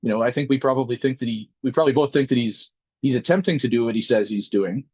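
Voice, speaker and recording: A man from Alberta, a podcast guest, telling his side in a steady, wry way. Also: mid-range voice, fast, husky, no room sound, lo-fi sound. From Alberta, Canada. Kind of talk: casual podcast conversation.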